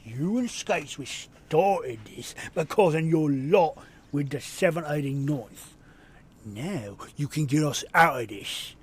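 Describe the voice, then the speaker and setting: A man voicing a gruff, exasperated pirate commander in a video game, in a put-on rough sailor accent, barking orders. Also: fairly high pitch, animated, takes it slowly, exaggerated voice. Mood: bossy.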